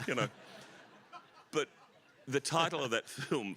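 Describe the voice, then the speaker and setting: A man's voice: medium pitch, animated, takes it slowly, long pauses, pushed and bright, breathy edge. An Australian author telling rambling, self-deprecating stories on a festival stage, often laughing at his own jokes. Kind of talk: rambling anecdotal stage conversation. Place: festival stage before an audience.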